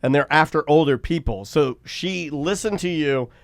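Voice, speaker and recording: A man's voice: on the high side, moderate pace, no room sound, studio quality. A male podcast co-host chatting casually, wry and often laughing. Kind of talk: casual chat.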